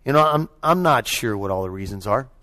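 A pastor with a lowish, expressive voice preaches at a slightly quick clip in a conversational style. He restarts often, says "you know" a lot, and alternates between loud, cheering bursts and quiet reflection.

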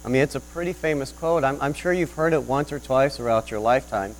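A man's voice: mid-range voice, fast, slight background noise, low-quality recording. A man preaching a sermon as pastor, telling an illustration story in an earnest, rising and falling manner. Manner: earnest storytelling with lively swells.

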